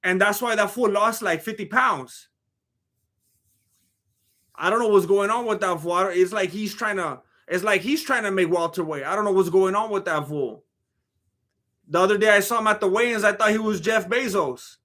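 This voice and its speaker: High-voiced, rambling streamer man. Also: normal speed, bright, forceful tone. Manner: rambling, slangy, joking, reads chat. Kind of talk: casual live-stream commentary.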